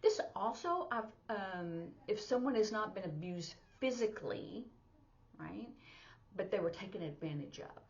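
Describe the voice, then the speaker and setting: A woman's voice: medium pitch, animated, a little slow, lo-fi sound. A woman teaching sign language in a casual, chatty way, walking through each sign step by step with plenty of fillers. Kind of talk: casual instructional lesson.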